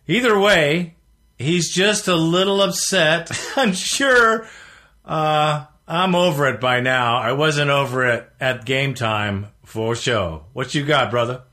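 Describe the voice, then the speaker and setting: A man's voice: on the high side, slow pace, bright, forceful tone. A man hosting a sports fan call-in show, talking bluntly and getting worked up. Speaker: radio show host. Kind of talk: casual fan talk show.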